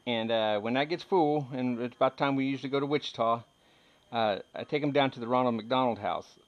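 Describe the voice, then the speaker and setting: A man's voice: mid-range voice, brisk, dull audio. A man in his thirties chatting casually as he shows his metal detecting finds, rambling and joking with frequent laughs. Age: 30s. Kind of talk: casual chat showing finds.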